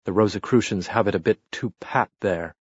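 A man reads a novel aloud in a calm, steady way. His voice is deep and husky. The recording is dry and slightly muffled. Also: fairly quick, dry recording. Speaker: audiobook narrator. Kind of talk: audiobook narration.

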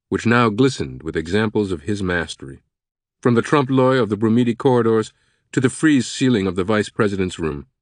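A man narrating an audiobook in a measured, even manner. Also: fairly low pitch, no room sound, studio quality.

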